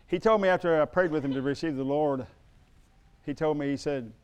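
A middle-aged man preaching a sermon, moving from quiet storytelling to emphatic calls to the congregation. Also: fairly high pitch, a little fast, clean tone. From United States. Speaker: pastor.

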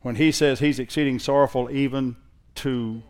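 A man's voice: medium pitch, fairly even intonation, moderate pace, a little mellow, clear, resonant tone. A male pastor preaching to a congregation, conversational at first and building in force. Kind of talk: sermon.

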